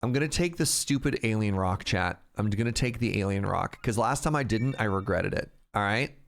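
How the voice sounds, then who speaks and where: Chatty male streamer, lively voice. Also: lowish voice, fairly quick, creaky. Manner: playful, chatty with viewers. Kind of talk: casual live-stream chat.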